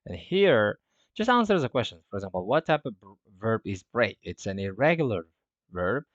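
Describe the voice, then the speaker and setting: A man with a fairly low voice walks learners through an English lesson in relaxed, rambling speech, often correcting himself. The recording is dry and a bit dull and lo-fi. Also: normal speed, no echo. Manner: loose, filler-heavy, self-correcting. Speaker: English teacher. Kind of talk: casual explaining lesson.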